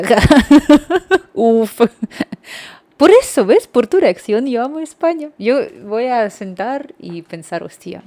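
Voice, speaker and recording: A woman's voice: fairly low pitch, mellow, dry recording. A young woman from Ukraine, chatting casually on a livestream in a rambling way and talking straight to her viewers.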